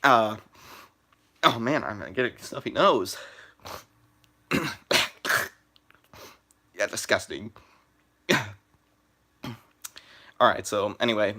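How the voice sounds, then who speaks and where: A teenage boy live streaming from his phone, chatting in a halting way with lots of "uh" and "like" and restarted sentences. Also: fairly low pitch, bright, forceful tone. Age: teens. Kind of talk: rambling live stream chat.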